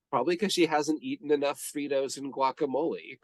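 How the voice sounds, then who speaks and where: A man's voice: mid-range voice, dry recording. A man co-hosting a podcast, chatting casually about a movie, rambling with restarts and frequent laughs. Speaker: podcast co-host.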